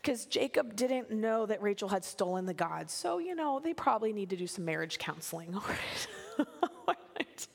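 A woman preaching a sermon, animated and playful, acting out the figures of the scripture story she tells. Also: medium pitch, moderate pace, vocal fry. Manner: animated, acts out biblical figures in playful voices. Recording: long hall reverb.

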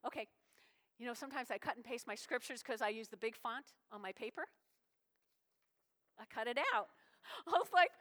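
A woman pastor preaching a sermon in a lively, folksy way, slipping into little acted-out voices. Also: sits high, fairly quick, big-room sound.

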